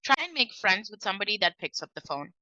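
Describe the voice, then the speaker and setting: A woman sharing sales tips as a trainer, telling stories in a lively way and acting out the dialogue. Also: medium pitch, fast, dry recording, dull audio.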